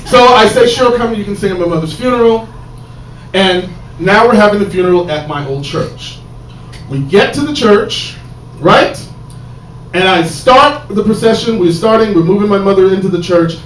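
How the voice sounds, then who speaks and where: High-voiced man doing animated stand-up. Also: normal speed. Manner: animated, swings from hushed asides to shouted punchlines. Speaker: stand-up comedian. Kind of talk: stand-up storytelling. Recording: roomy live stage sound from a distance, audible noise.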